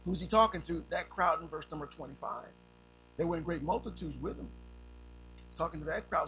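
A man preaching a sermon, telling a story with sound effects and swinging between loud and hushed delivery. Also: fairly high pitch, fairly quick, soft background music, low-quality recording.

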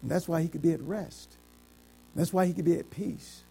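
A middle-aged man preaching a sermon, quoting scripture in old biblical wording and swinging between shouted climaxes and quiet, low passages. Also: fairly even intonation, moderate pace, gravelly, a little hiss or hum. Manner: quotes scripture in King James wording.

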